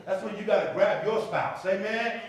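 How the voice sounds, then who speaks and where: Male pastor, high voice, call-and-response sermon, distant mic in a reverberant sanctuary. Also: moderate pace, a crowd in the background. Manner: call-and-response preaching, asks congregation. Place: church sanctuary. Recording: echoey hall from far off.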